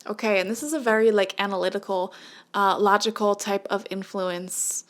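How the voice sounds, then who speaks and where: A young woman giving a casual, chatty tarot reading who laughs often and breaks into lively, high-pitched asides. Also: moderate pace. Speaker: tarot reader.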